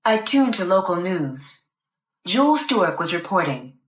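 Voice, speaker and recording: A woman reading a first-person novel aloud in a measured, deliberate way. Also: on the low side, sing-song. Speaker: narrator. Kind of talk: scripted first-person audiobook narration. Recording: roomy echo.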